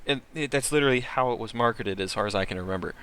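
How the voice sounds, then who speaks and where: A man co-hosting a podcast in casual chat, telling stories in an animated, ranting way. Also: mid-range voice, racing, clean tone. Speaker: podcast co-host.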